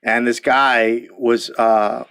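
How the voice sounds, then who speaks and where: A man's voice: medium pitch, little pitch movement, extremely slow, vocal fry, a bit bright, clean tone. A man hosting a podcast, telling profane, rambling stories in casual chat and laughing often. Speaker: podcast host.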